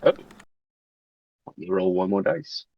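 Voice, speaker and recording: A man's voice: low voice, animated, a little slow, dry recording, highs cut off. A man playing a tabletop game, talking in a laid-back, wry way. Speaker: player. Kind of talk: casual tabletop game chat.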